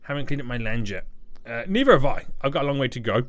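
A man's voice: medium pitch, sing-song, fast. A young man doing playful, teasing livestream commentary while he plays a game and reads out donations. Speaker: gaming YouTuber reading donations.

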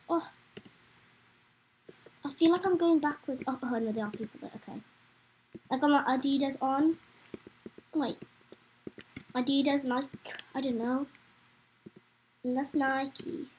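Young woman, high voice, chatty let's-play commentator, excitable. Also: slight background noise, low-quality recording. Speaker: gameplay commentator.

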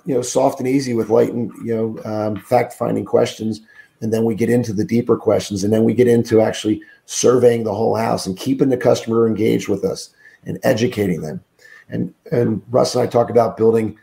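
A man's voice: lowish voice, creaky, mellow. A middle-aged man, a sales trainer guest on a podcast, speaking emphatically with many fillers in a groggy, sick voice from a room on a remote call. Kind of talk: podcast interview, coaching talk.

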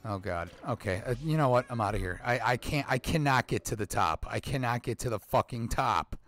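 A man's voice: mid-range voice, animated, brisk, fairly bright tone, faint music behind. A man who is a gaming dad, giving profane, grumbling let's play commentary on a video game. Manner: swears a lot, grumbles at the game. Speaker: gamer dad.

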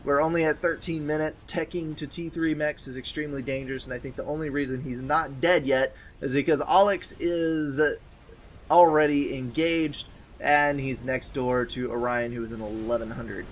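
A man casting a real-time strategy match, giving calm running commentary with dry, wry asides. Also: medium pitch, normal speed, a little hiss or hum. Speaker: game caster. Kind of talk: game commentary.

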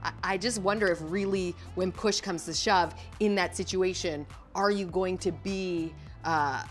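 Upbeat lady host with a lowish voice, asks questions, quick to agree. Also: faint music behind. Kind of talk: casual chat.

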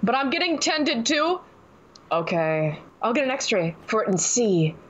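A woman's voice: fairly high pitch, sing-song, measured pace, low-quality recording. A young woman joking crudely and playfully with a friend while playing a roleplay game. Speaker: game player. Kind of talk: casual voice chat while roleplaying.

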